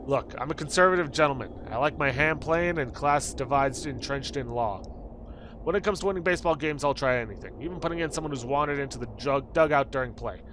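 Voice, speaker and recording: A man putting on a stuffy, blustering male baseball coach from a quirky game. He rattles along briskly and fires off orders. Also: medium pitch, noisy background, natural voice.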